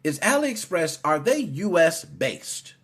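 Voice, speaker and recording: A man hosting a casual gaming podcast, teasing his guest in an animated, playful way. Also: fairly high pitch, slow, breathy edge. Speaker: podcast host.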